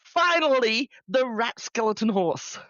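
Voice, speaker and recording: A man's voice: very high-pitched, animated, measured pace, bright, forceful tone, no echo, highs cut off. A man co-hosting a podcast in casual chat, talking freely and laughing often at himself. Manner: chatty, laughs often, self-deprecating. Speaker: podcast co-host.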